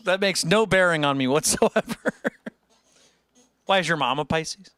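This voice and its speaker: A man's voice: on the high side, fairly bright tone, clean tone, no room sound. A young man hosting a music livestream, rambling and joking with his chat and laughing often. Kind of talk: casual chat with live chat.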